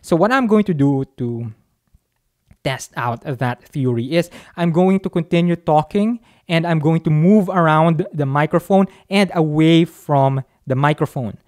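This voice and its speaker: A man's voice: on the high side, a little slow, darkish tone. A chatty man talks right up against a dynamic studio mic at a home recording setup. His delivery is offhand and conversational, with little jokes at his own expense as he walks through a mic test. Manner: chatty and offhand, with self-mocking asides. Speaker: microphone reviewer. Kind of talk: casual mic test demo. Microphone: dynamic studio mic, talking close.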